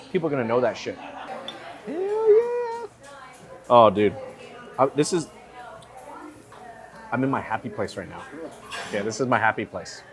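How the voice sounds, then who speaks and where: A man leads an informal panel chat at a conference, laid-back and openly excited, dropping the odd curse word. His voice sits at an ordinary middle pitch and he keeps it conversational. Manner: casual, swears freely, enthusiastic. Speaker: host. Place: conference venue.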